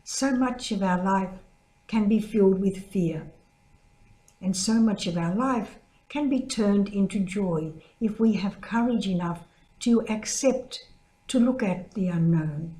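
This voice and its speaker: Older woman, mellow storytelling reflection. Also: slow. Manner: storytelling, acts out quoted voices with higher pitch. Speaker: religious sister giving a reflection. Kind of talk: gentle spoken reflection with a story. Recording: echoey room.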